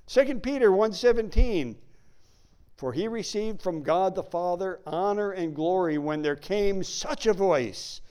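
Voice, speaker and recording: A man teaching a sermon who reads scripture aloud and slows down to stress key words. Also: sits high, expressive, darkish tone, smooth. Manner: reads King James verses aloud. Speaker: Bible teacher.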